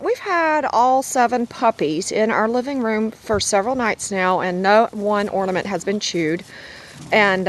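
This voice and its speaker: A middle-aged woman who breeds dogs narrates a casual home video in a chatty, rambling, affectionate way while puppies squeal and play around her. Her voice is mid-range, and the rough recording has slight background noise.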